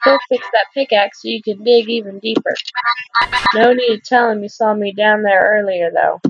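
A woman's voice: medium pitch, steady tone, normal speed, breathy edge, dull audio, faint music behind. A woman voicing a friendly young woman who gives helpful advice in a video game.

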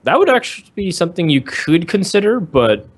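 A man's voice: sits high, sing-song, fairly quick. A man casting a live card-game match, explaining plays at length in an analytical way. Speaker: esports commentator.

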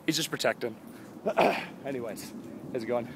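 A man's voice: medium pitch, lively intonation, normal speed, vocal fry, noisy background. A tired young man in his twenties rambling goofily through a daily vlog outdoors, holding the camera himself. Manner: goofy, rambling, jumps between silly voices and mumbles. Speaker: vlogger.

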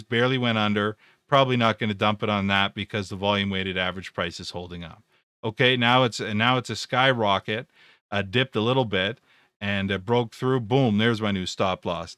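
A man's voice: mid-range voice, sharp tone, no echo, clean studio sound. A man hosting a live stream, talking casually through stock charts, rambling with repeated words and jokes. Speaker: trading educator.

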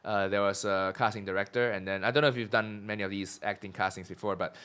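A man's voice: steady tone, quick pace, fairly bright tone, clean tone. A young man from Malaysia with a mixed mid-Atlantic accent, telling a self-mocking story as a comedian guest in a casual podcast chat. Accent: mid-Atlantic mix. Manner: self-mocking storytelling, drops his voice low when recounting.

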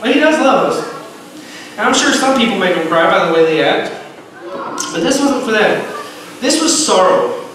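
A man teaching a lively Bible lesson to a room of children, repeating himself and calling them to order. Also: high voice, moderate pace, long pauses, crowd noise. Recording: echoey room, far from mic, noisy.

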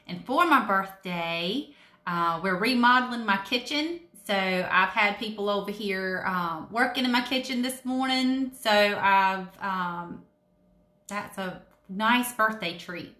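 A woman hosting a children's story time, chatting gently with pauses and fillers from her home. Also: mid-range voice, echoey room. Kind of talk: casual chat to children.

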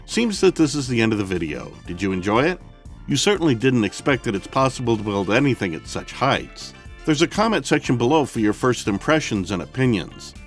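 A man giving scripted documentary narration, measured and explanatory, speaking directly to the viewers. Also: medium pitch, sing-song. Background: faint background music.

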